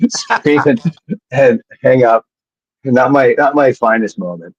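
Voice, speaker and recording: Man, guest storyteller, husky, dry dull lo-fi sound, profane and rambling. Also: mid-range voice, expressive, slow. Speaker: guest, former wrestler. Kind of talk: casual storytelling.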